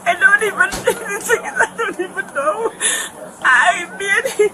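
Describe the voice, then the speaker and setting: A woman's voice: very high voice, slow. A middle-aged woman, upset and tearful, rambling through what happened and acting out what others said. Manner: rambling, acts out quoted speech, shaky. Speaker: caller. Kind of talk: distressed account to police. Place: outside a home, on bodycam. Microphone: officer's bodycam. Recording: noisy police bodycam audio.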